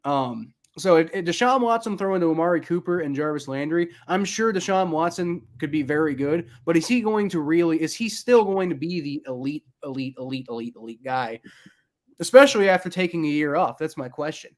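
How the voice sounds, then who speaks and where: A man chatting casually on a sports podcast, his voice sitting a little high. He rambles, circling back with fillers and restarts as he builds his point. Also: expressive, a little fast, few pauses. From Ohio. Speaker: podcast co-host.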